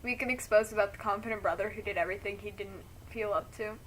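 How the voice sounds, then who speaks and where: A woman's voice: mid-range voice, fairly even intonation, fast talker, a little hiss or hum. A woman reading a friend's story aloud, breaking off to react emotionally.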